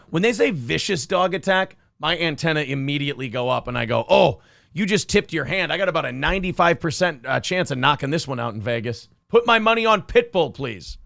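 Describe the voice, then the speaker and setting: A man's voice: a little high, gravelly, a bit bright, dry recording, studio quality. A man co-hosting a comedy news show, riffing sarcastically with mocking asides. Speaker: podcast co-host.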